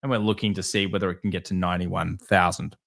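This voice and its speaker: A man with a somewhat low voice runs through charts in a live market commentary stream. He talks briskly and candidly, answering viewer chat with quick asides. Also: flat delivery, gravelly, fairly bright tone.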